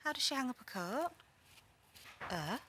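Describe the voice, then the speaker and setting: Lively mum coaxing at bedtime. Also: female voice, high-pitched, moderate pace, slight background noise. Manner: coaxing but firm, lively. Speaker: mother. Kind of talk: bedtime talk with a child.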